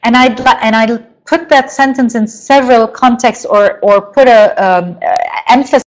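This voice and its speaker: In a roughly recorded webinar, a middle-aged woman with a higher-leaning voice lectures parents as their coach. Her delivery is slow and deliberate, marked by emphatic stresses.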